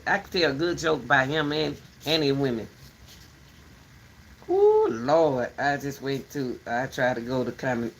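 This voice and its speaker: A woman hosting a casual rambling chat, animated and talkative, turning between her dogs and her viewers. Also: low-pitched, slight background noise. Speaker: commentary channel host.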